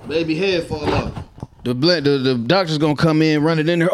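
A man's voice: fairly high pitch, fairly quick, slight background noise. A man from Minnesota giving casual, laughing, slang-heavy commentary on the news to his viewers. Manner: loose, laughing, slangy street talk. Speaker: commentary vlogger.

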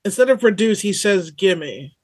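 A woman in casual conversation, adding slow, measured remarks. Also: medium pitch, expressive, no echo. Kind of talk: casual chat.

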